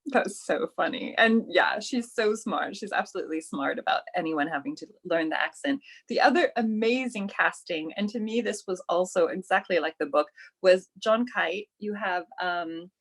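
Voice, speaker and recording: A woman's voice: lowish voice, normal speed, hardly any pauses. A woman hosting a festival interview on a video call, enthusiastic and thinking aloud as she talks. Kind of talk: conversational interview.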